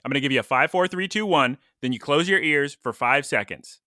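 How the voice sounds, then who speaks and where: A man co-hosting a podcast in relaxed, rambling chat, quick to laugh at his own asides. His voice is bright and forward. The sound is dry and close to the mic, with no room echo. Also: fairly high pitch. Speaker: podcast co-host. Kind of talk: casual chat.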